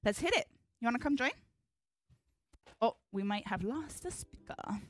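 A woman leads a live hula class, upbeat as she calls out the moves and mixes Hawaiian words into her English instructions. Her voice is on the high side, with lively intonation and a moderate pace.

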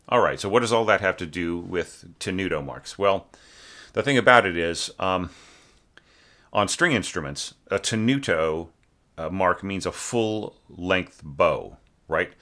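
A man with a very low voice talks through a student's orchestral score. He keeps it loose and conversational, thinking aloud with plenty of fillers and humming or singing quick syllables to show how a note should be shaped. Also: sharp tone. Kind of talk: informal score critique.

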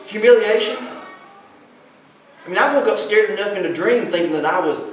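A man preaching a sermon as pastor, animated and plainspoken, often quizzing his congregation with questions. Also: high-pitched, brisk, a little hiss or hum. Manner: folksy, plainspoken. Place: large church hall. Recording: echoey hall, voice from far off.

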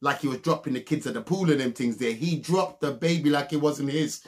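A young man giving a comedic, mocking recap of a reality TV show, breaking into loud laughs. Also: brisk. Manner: mocking, animated, bursts into loud high laughs.

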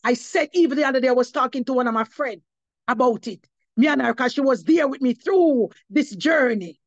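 A woman's voice: high voice, fairly quick, no echo, muffled recording. A woman giving her testimony as an apostle, preaching to a congregation and slipping between English and patois, rising to emphatic cries of praise.

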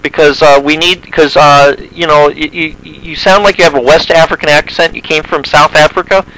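A man's voice: a little high, steady tone, moderate pace, bright, forceful tone. A man making a prank phone call, stammering through his words with feigned polite suspicion. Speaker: prank caller.

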